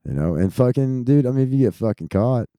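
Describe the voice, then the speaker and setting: A man's voice: mid-range voice, animated, fairly quick, warm tone, no echo. A man in his thirties who grew up in Texas, ranting casually in a rambling, profane stream. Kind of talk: casual rant.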